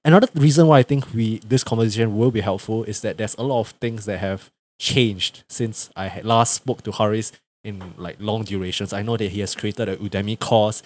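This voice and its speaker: A young man with a Singaporean English accent hosting a podcast, chatting in a relaxed way with fillers and laughs, recorded over a video call. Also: on the low side, a little fast. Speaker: podcast host. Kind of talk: casual podcast conversation. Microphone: video call over the internet.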